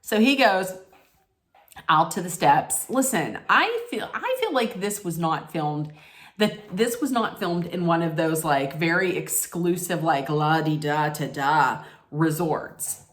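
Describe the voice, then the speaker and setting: A woman vlogger tears through a reality show recap in a casual rant, swearing openly, using plenty of fillers, and staying blunt and emphatic. She sounds very animated and unhurried, with a fairly low but slightly bright voice.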